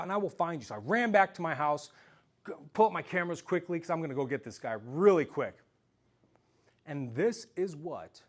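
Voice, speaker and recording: A man telling a story in an animated, self-mocking way during a talk to a live audience. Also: on the high side. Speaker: speaker giving a self-defense talk.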